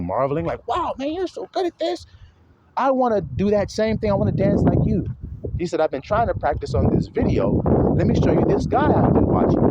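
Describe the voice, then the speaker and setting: A man gives a blunt, emphatic street-style sermon, salting it with profanity. His voice sits a little high for a man and swings widely as he drives his points home. A faint background noise runs underneath. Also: a little mellow. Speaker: preacher. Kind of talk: informal preaching monologue.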